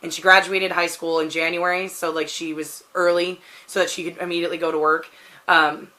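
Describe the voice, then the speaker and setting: She talks briskly in a lowish, pushed and bright voice with little pitch movement. A Pacific Northwest woman in her thirties, she rambles through a casual question-tag vlog, saying "like" often.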